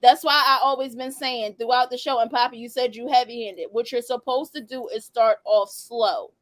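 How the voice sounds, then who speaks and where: High-voiced woman hosting a casual chat. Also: fairly even intonation, moderate pace, dry recording. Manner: teasing, laughs often. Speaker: podcast host.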